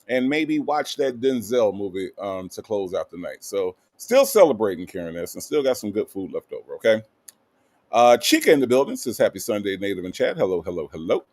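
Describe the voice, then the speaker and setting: A man's voice: medium pitch, darkish tone, no room sound. Guy hosting a live stream, chatty and upbeat, dry close sound. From American South. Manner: upbeat, greets viewers by name with playful asides. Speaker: livestream host. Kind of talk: casual chat reading live comments.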